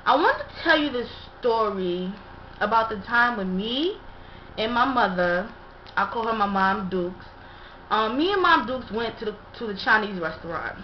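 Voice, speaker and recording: A woman's voice: fairly high pitch, animated, moderate pace. A young woman casually telling a story to her viewers, chatty and full of fillers. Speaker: vlogger. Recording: dull echoey room recording with faint hiss.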